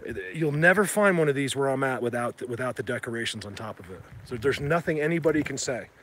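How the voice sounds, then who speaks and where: A man hosting a casual livestream from outdoors in the rain, talking excitedly to viewers through a handheld phone as he walks. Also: medium pitch, fast, a little hiss or hum. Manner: rambling, excitable, addresses viewers. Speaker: livestream host. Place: outdoors in woods during rain.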